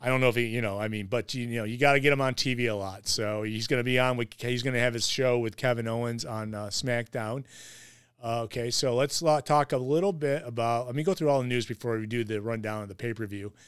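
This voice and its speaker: A man's voice: medium pitch, fast talker, smooth, no room sound, clean studio sound. A man hosting a casual wrestling podcast, rambling with lots of fillers and restarts. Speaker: podcast host.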